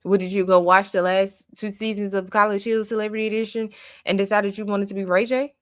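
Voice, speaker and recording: A woman's voice: mid-range voice, level tone, brisk, no room sound, studio quality. A woman giving a casual recap and review of a reality show, blunt and opinionated, venting her exasperation.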